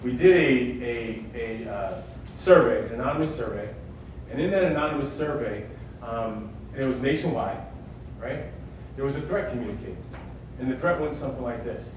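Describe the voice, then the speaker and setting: A man's voice: medium pitch, expressive, moderate pace, background noise. A man giving a live security workshop, emphatic and often asking his audience questions. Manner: emphatic, keeps checking in with "right?". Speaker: workshop speaker on workplace security. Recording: echoey hall, mic far off.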